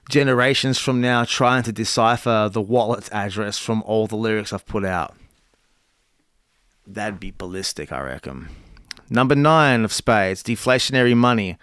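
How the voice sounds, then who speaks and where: A man's voice: medium pitch, smooth, dry recording, studio quality. Man reading cards on a stream. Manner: reads cards aloud haltingly, restarts and chats. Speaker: content creator. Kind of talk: casual livestream chat.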